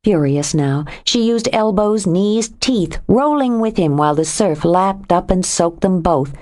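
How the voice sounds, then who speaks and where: A woman narrating an audiobook with a steady, expressive reading. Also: fairly low pitch, unhurried, few pauses. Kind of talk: scripted narration.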